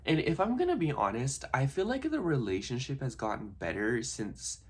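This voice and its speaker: A man's voice: mid-range voice, big pitch swings, normal speed, slightly rough. A young man talking in a casual personal vlog, rambling and reflective, full of "like" and restarts. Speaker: vlogger.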